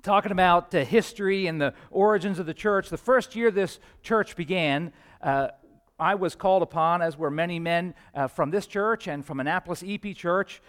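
A man preaching a sermon to his congregation, earnest and with frequent filler pauses. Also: sits high, fairly bright tone. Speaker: pastor.

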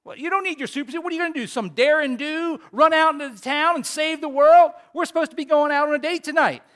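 A man voicing a superhero's exasperated wife, yelling back sharply at her husband. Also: extremely high pitch, quick pace, pitched above the performer's own voice. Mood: scolding. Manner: sharp scolding, yelled.

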